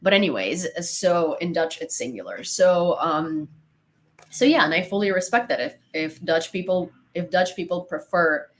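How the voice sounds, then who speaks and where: A woman's voice: on the low side, expressive, normal speed. A young woman hosting a casual live stream, chatting and rambling as she thanks viewers and laughs along the way. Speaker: live-stream host reading chat.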